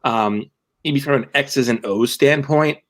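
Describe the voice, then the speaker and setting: A man's voice: mid-range voice, a little slow. A young man co-hosting a sports podcast, talking casually and rambling through many restarts and fillers. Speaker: podcast co-host and team writer.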